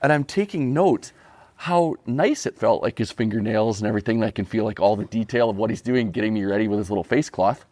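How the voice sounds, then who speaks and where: A man from Saskatchewan, a podcast guest telling a comic story in an animated, self-deprecating way. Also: lowish voice, fast, no room sound. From Canada (Saskatchewan).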